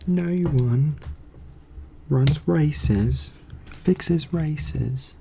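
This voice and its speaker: A man doing a menacing British gangster boss in a British accent, with slow, deliberate threats. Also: fairly high pitch, creaky, dark tone, slight background noise, pitched above the performer's own voice, full character voice.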